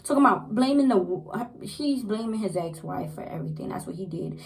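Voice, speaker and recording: A young woman casually recapping a TV episode, chatty and animated, repeating herself as she goes. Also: medium pitch, a little fast, vocal fry, low-quality recording. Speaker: TV show reviewer.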